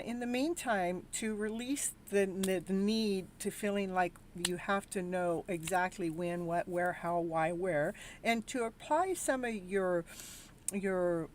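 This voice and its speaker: There's a faint hiss or hum behind this woman's mid-range voice. A worn-out tarot reader and show host, she rambles through a live reading for her viewers, sounding weary and exasperated and restarting often.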